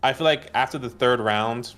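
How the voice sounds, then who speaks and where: A man's voice: mid-range voice, moderate pace, fairly bright tone, faint music behind. A man co-hosting a casual live stream, easygoing and teasing. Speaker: co-host of a fantasy football stream.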